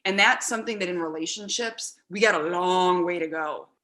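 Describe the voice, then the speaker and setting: Bright, animated woman guest in conversation. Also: fairly low pitch, moderate pace. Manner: animated, laughing, acts out quoted lines. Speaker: podcast guest. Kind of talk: casual conversation. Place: podcast recording with her husband beside her.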